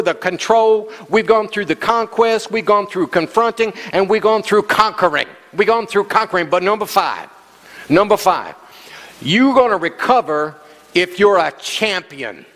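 High-voiced preaching man in a big hall. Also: expressive, normal speed, fairly bright tone. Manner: preaching with call-and-response exclamations. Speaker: pastor. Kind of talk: sermon. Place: church sanctuary.

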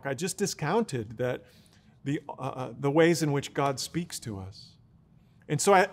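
A man's voice: a little high, in a large hall. A man preaching a teaching sermon in an earnest, explaining way, often restarting his words. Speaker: pastor.

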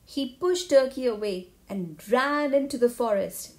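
A woman narrating a children's picture book aloud, in a clear, even storytelling manner. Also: high voice, measured pace.

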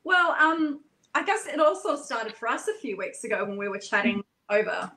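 A woman's voice: a little high, moderate pace, bright, forceful tone, roomy sound, low-quality recording. A woman talking as a guest in a casual chat, earnest and flowing, with fillers and repeated words.

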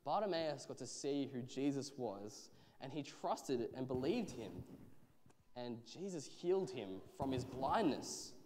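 A man telling a children's Bible story on a church stage, with expressive, drawn-out phrasing. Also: medium pitch. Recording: church hall reverb.

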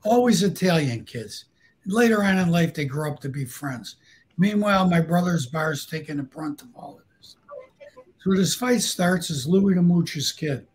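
A man tells stories as a guest, his voice fairly high and husky. He tells crude, animated anecdotes and acts out each quoted person. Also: normal speed, rough recording. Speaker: guest storyteller. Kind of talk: casual storytelling.

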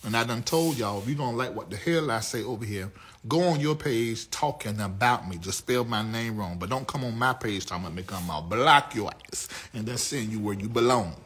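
A man's voice: lively intonation, fairly quick, breathy edge. Sassy flamboyant male talk show host. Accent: Southern US. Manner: sassy, flamboyant, swings from low mutters to loud outbursts. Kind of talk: live talk show monologue to chat.

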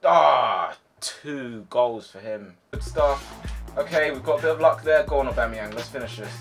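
A young man giving live commentary on his own football video game match, excitable, yelling at his players and sighing in frustration. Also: medium pitch, moderate pace, soft background music. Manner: excitable, shouts at players, swings to frustrated sighs. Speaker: gaming YouTuber.

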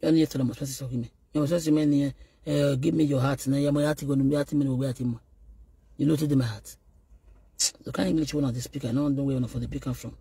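Very husky Nigerian man ranting. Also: medium pitch, steady tone, fast talker, mellow, dry recording. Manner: scolding, taunting, code-switching into Yoruba. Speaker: online video host. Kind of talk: ranting message to a rival.

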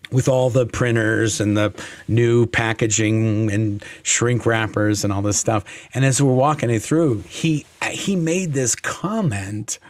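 A man as a podcast guest, telling a story in a blunt, profane, animated way. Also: fairly low pitch, no echo. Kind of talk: casual storytelling interview.

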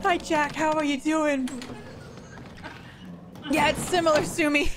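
A woman streamer talks through a game with a very high voice, drawing her words out slowly. She keeps exclaiming at what happens on screen and laughing hard. Game music plays clearly behind her. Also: fairly even intonation, rough recording. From US East Coast. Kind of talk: live game commentary.

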